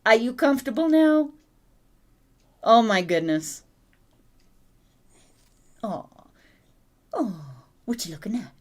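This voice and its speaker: A woman's voice: fairly high pitch, big pitch swings, takes it slowly, pauses often. A woman hosting a casual livestream, cooing and baby-talking to her puppy and laughing often. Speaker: livestream host.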